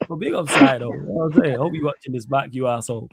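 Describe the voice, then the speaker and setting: A young man with a Manchester accent hosting a casual chat, slangy, teasing and quick to swear. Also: medium pitch, vocal fry, slightly rough, no room sound. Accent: Mancunian. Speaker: host.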